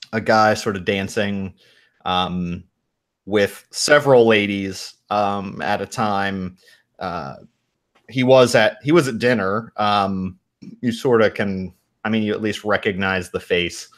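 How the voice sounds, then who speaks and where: Male game master, unhurried low voice, loose rambling narration. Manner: relaxed, rambling with many ums.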